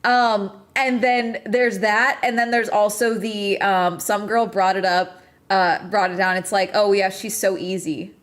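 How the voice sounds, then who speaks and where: A woman's voice: medium pitch, little pitch movement, unhurried, fairly bright tone. A woman streamer ranting in casual chat, emphatic and full of swearing. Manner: profane, emphatic, exasperated.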